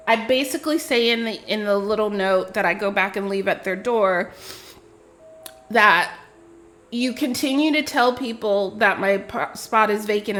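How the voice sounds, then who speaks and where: A woman's voice: medium pitch, a bit bright. Indignant, profane woman telling a story. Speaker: streamer. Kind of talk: casual storytime rant.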